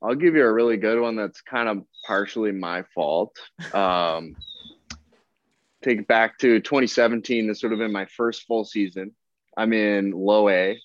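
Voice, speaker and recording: A podcast guest who plays professional baseball, this young man tells a story casually in a fairly low voice without echo. His manner is relaxed and chatty as he acts out the people involved and quotes their dialogue. The recording comes across dull, dry and lo-fi.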